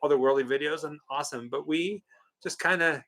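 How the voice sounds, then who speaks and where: Guy cohosting a live stream, bit high, bright voice, joking and reading out comments. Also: fairly quick. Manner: playful, insistent, reads viewer comments aloud. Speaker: co-host of a live watch-party stream. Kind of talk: casual live-stream chat.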